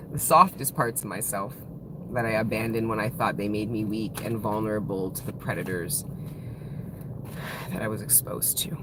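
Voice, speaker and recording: A woman's voice: very deep voice, normal speed, pauses often, noisy background. A woman in her thirties giving a casual live-stream tarot reading, swearing freely, laughing often and talking with open emotion. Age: 30s. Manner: profane, laughing, emotional and playful. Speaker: tarot reader.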